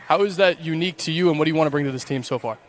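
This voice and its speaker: A man's voice: on the high side, rapid-fire. A man working as an on-field reporter and analyst at a baseball game, talking in a friendly, conversational way. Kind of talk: sideline interview and game analysis.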